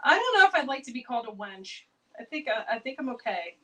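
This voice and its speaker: A woman's voice: high-pitched, very animated, fast talker, fairly bright tone, rough recording. A woman chatting casually on a cooking livestream, laughing and reacting to viewer comments. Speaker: home canning livestream host.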